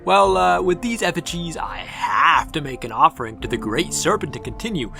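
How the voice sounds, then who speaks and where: Sarcastic male game reviewer, exasperated rants, over soft background music. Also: fairly high pitch, big pitch swings, moderate pace, gravelly. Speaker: gaming video reviewer.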